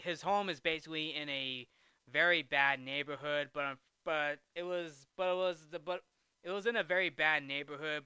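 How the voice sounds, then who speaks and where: A man's voice: a little high, bright, forceful tone, clear, resonant tone, no room sound. A man hosting a casual film recap, rambling with frequent restarts and fillers.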